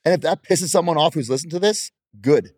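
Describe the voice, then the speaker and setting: A man's voice: a little high, lively intonation, brisk, a little mellow, no echo, clean studio sound. Brash, boastful man in casual talk. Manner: brash, boastful, laughs often. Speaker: professional wrestler guest. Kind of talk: casual interview chat.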